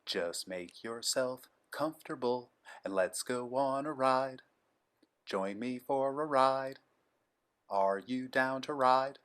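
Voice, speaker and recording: A man's voice: medium pitch, slow, fairly bright tone, voice pushed up. A man doing a laid-back puppet show emcee. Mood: inviting. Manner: rhythmic sing-song announcing.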